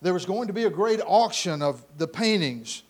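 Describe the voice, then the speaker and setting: A man telling a story dramatically, swinging between loud passages and hushed ones. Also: high voice, lively intonation, moderate pace.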